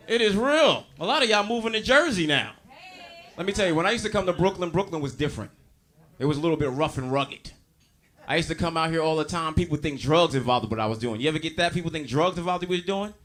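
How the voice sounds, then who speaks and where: Loud brash new comic working a club crowd, high voice. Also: male voice. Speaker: stand-up comedian. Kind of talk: stand-up comedy set. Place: comedy club in a diner, live audience.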